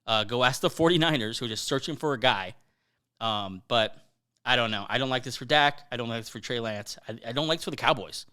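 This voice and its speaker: Bright-voiced male sports podcast host. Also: mid-range voice, brisk, smooth. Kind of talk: casual sports chat.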